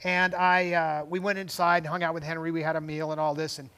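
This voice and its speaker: High-voiced older man telling rambling stories. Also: flat delivery, brisk, pushed and bright, smooth. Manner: rambling, goes off on tangents with frequent restarts; chuckles between phrases. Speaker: co-host. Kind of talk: casual storytelling chat.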